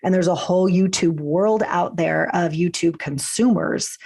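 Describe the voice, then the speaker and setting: A woman business coach talking as a podcast guest, chatty and animated, acting out quotes, while she has a cold. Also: lowish voice, unhurried, creaky. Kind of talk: casual interview chat.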